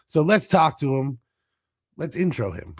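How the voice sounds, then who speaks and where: An American man hosts a sports podcast, ranting casually in a blunt, profane way. His voice is on the high side and very animated, though his pace is a little slow.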